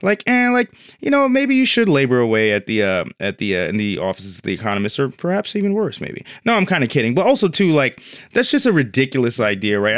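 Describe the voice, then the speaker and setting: A man's voice: medium pitch, fairly bright tone, dry recording, clean studio sound. A man co-hosting a casual political podcast, joking and rambling with plenty of swearing. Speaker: podcast co-host.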